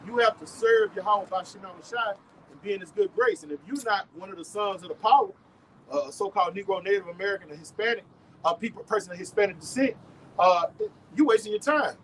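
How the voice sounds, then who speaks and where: A man with a Southern US accent preaching outdoors on a street, forceful and emphatic, often repeating his words. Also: sits high, fast, slight background noise, poor audio.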